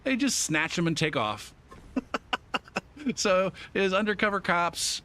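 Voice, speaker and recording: A man streaming a game, telling a story in a casual, laid-back way, swearing constantly and filling pauses with um. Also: high-pitched, lively intonation, pushed and bright.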